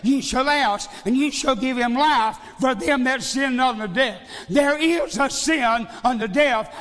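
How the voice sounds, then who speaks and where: A man's voice: very high voice, fairly bright tone. A male evangelist preaching a sermon, emphatic, repeating phrases and firing rhetorical questions. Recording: long hall reverb.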